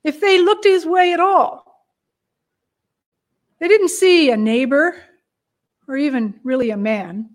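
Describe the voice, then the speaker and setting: High-voiced woman telling a Bible story. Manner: expressive, with hushed moments and long pauses.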